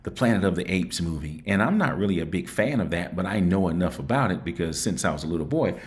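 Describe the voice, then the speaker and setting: A man's voice: sits low, lively intonation, fast talker. A man hosting a call-in show, talking in a chatty, reflective way and often repeating words. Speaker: show host. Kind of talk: casual call-in show talk.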